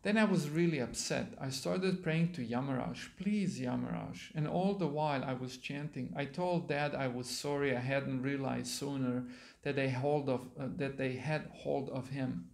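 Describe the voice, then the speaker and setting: A man, a monk giving a sermon, reading a story aloud and pausing to explain words to his listeners, in a temple hall. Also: mid-range voice, steady tone, creaky. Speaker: monk lecturer.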